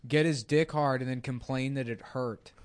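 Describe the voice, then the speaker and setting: A man's voice: mid-range voice, fairly even intonation, moderate pace. Male podcast host, mid-range voice, loose rambling storyteller, casual chat. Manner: rambling anecdotes full of fillers, breaking into laughter.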